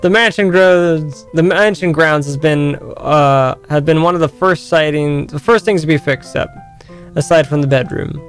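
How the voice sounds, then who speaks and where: Male streamer, slightly high voice; reads game narration and chats with viewers over faint music. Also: moderate pace. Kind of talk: game playthrough, reading story aloud and chatting.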